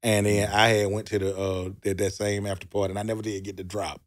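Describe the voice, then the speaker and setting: A man's voice: lowish voice, flat delivery, fast. A man with a Southern US accent, telling a loose, profane story with laughs on a comedy talk show. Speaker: comedian guest.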